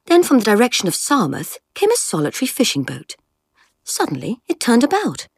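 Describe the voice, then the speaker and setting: Expressive woman storyteller with a lively, varied delivery. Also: fairly high pitch, brisk, slightly rough, no room sound, studio quality. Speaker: audiobook reader. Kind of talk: scripted story narration.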